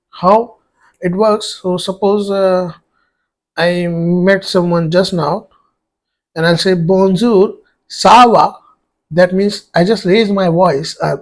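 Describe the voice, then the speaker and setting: A French tutor with a high-pitched, slightly mellow male voice teaches a French grammar lesson for exam prep. He explains step by step while writing on a board and spells words out letter by letter.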